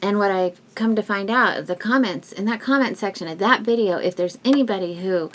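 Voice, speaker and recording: A woman vlogger talking casually and emotionally to her viewers at home, rambling with restarts and soft laughs. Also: mid-range voice, fairly quick. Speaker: YouTube vlogger. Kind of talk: casual heartfelt talk to viewers.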